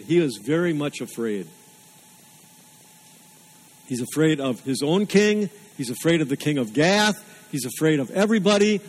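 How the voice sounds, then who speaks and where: Guy preaching a sermon, earnest n emphatic, repeats lines, kinda high voice. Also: big pitch swings, normal speed, pauses often, poor audio. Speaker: pastor.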